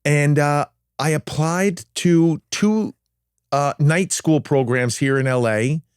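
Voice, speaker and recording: A man in his fifties, guesting on a podcast, chats loosely in a casual interview, rambling and poking fun at himself with plenty of fillers and restarts. His voice is on the high side, slow and clean, captured in a dry, studio-quality recording.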